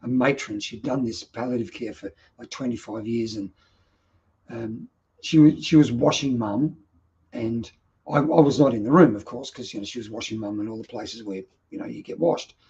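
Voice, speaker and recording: A middle-aged Australian man hosts a vlog, telling personal stories in an earnest, emotional and reflective monologue. His medium-pitched, mellow voice has vocal fry and a moderate pace, and the audio's highs are cut off.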